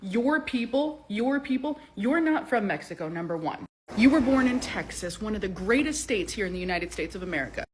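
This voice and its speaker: A woman's voice: medium pitch, lively intonation, a little fast, slight background noise. A woman commenting indignantly, firing off rhetorical questions. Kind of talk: reaction commentary.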